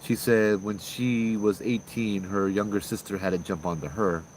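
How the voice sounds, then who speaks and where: A man, hosting and telling a ghost story in a loose, conversational way, with fillers and sudden loud bursts. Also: lowish voice, steady tone, normal speed, slight background noise, rough recording. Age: 30s. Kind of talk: casual spoken ghost story.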